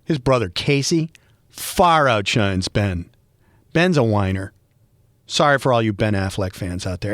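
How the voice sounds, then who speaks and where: A man's voice: lowish voice, unhurried, dry recording. Rambling Boston man, dry close sound. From Boston area, USA. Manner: rambling, animated, joking asides. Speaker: podcast host. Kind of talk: casual solo monologue.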